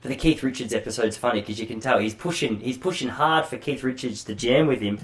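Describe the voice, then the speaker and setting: A man's voice: mid-range voice, fast talker. An Australian man hosting a podcast alone, chatting in a rambling, self-deprecating way with casual swearing. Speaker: podcast host. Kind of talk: solo casual monologue.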